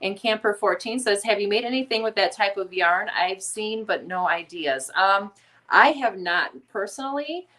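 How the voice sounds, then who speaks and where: A woman's voice: mid-range voice, animated, normal speed, a bit bright. Chatty woman with a Chicago accent. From Chicago area, USA. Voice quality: nasal. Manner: chatty, reads comments aloud, many ums. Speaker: livestream host. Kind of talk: casual live chat.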